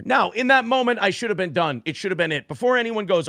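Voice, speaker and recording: A man, a guest on a talk stream, telling a story in a casual, profane, animated way and acting out the quotes. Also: high-pitched, brisk, vocal fry, few pauses, dry recording.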